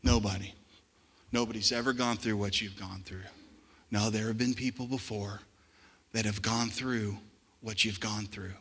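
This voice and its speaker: A man preaching a sermon as pastor, swinging between hushed, reflective passages and loud, forceful outbursts. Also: fairly low pitch, steady tone, normal speed, pauses often, slightly rough, long reverb tail. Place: church sanctuary.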